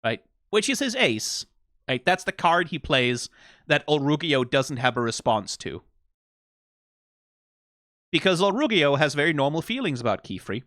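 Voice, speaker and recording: A man hosting an anime reaction, talking in casual, animated commentary, often asking "right?" and laughing. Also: on the high side, moderate pace, pauses often, no echo, clean studio sound.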